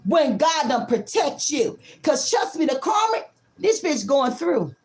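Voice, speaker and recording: Woman tarot reader, high and lively-pitched, blunt and profane, leans hard on stressed words. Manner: emphatic, drawn-out stresses. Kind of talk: casual collective tarot reading.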